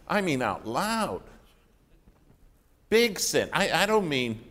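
A man preaching a sermon, telling a story with loud bursts and hushed asides. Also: fairly high pitch, sing-song, slow pace.

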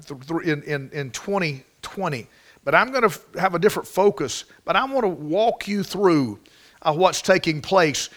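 A man's voice: a little high, a bit bright. A man preaching a sermon, emphatic and prone to restarts. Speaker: pastor.

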